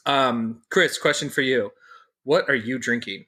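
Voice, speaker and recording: A man co-hosting a podcast who asks questions in a casual, unhurried way with halting restarts. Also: mid-range voice, bright, forceful tone. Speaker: podcast co-host. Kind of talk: casual chat.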